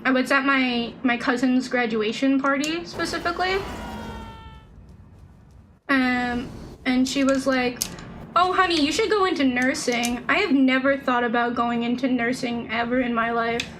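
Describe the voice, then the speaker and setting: A young woman chats loosely as she streams a game, talking in a high voice and circling back with lots of fillers. There is faint background noise under her desk mic. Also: fairly even intonation, measured pace, fairly bright tone, low-quality recording. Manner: chatty, rambling, lots of "like" and restarts. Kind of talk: casual gameplay stream chat.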